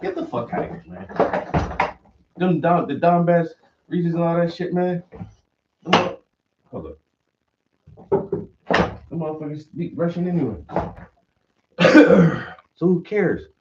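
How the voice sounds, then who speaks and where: Animated, profane man ranting casually. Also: a little high, takes it slowly, pauses often, noisy background. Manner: profane, animated, acts out quoted voices. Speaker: stream host. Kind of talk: casual rant. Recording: dull audio, mic at a distance.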